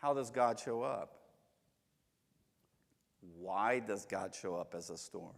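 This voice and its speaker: A man's voice: fairly low pitch, takes it slowly, creaky, big-room sound. A man teaching a Bible class in a casual, joking way, telling stories from home. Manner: chatty, joking, storytelling. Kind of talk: casual church lesson with anecdotes. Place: church hall.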